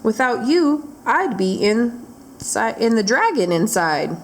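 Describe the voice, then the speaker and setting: A woman doing an excitable kindly witch. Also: a little high, slow, a little hiss or hum, heavily acted. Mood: grateful. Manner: exclaiming, bursts of cries.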